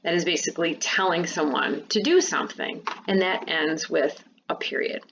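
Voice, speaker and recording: A woman teacher giving a remote lesson to fifth and sixth graders, explaining patiently and clearly. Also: fairly low pitch, moderate pace, lo-fi sound, background noise.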